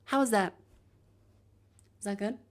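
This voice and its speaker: A woman's voice: mid-range voice, a little slow. A woman streaming live, chatting casually and joking as she moves a handheld mic around to test it. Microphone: handheld mic moved around while testing.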